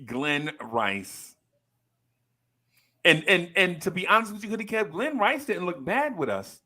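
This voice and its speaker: A man in his fifties, co-hosting a podcast, telling a story with lively energy and acting out the people in it. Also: high-pitched, measured pace. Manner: animated storyteller, acts out quoted people in a raised voice. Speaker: podcast co-host. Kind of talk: casual chat.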